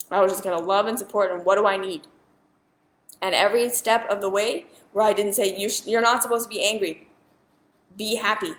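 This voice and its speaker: A woman's voice: medium pitch, reverberant. A woman and spiritual teacher talking straight to viewers in a casual monologue, earnest and emphatic, often repeating herself.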